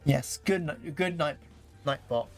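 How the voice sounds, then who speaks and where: A young man casually commenting while playing a game on stream, rambling and excitable, with lots of fillers and restarts. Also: a little high, measured pace, faint music behind.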